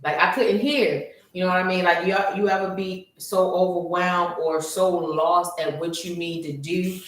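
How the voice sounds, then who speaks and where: A woman in casual podcast chat, recounting a hard stretch of her life with lively swings into high, panicked voices whenever she quotes herself. Her voice sits a little low. She is picked up from some distance in a very echoey room. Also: moderate pace. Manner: animated storytelling, voice jumps high when quoting her own panic. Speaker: podcast co-host. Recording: roomy echo, far from the mic.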